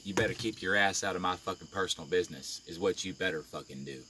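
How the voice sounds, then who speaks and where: A man's voice: deep voice, fast talker, pushed and bright, a little hiss or hum. A man on a live video, ranting angrily and confrontationally with constant swearing. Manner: profane, confrontational, heated. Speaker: live-stream vlogger. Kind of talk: angry live-video rant.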